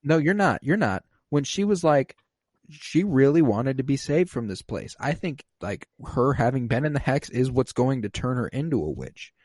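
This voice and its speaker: A man co-hosting a casual podcast, animatedly retelling scenes and jumping into high voices for the quotes. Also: very animated, moderate pace, darkish tone, dry recording. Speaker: podcast co-host recapping a TV episode. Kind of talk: casual chat.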